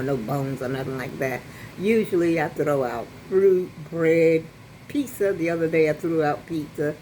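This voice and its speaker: Chatty older woman, low voice. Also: a little mellow, slight background noise, low-quality recording. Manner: rambling, chatty, with many restarts and asides. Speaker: vlogger. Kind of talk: casual storytelling to camera. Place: apartment at home. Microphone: phone on a selfie stick.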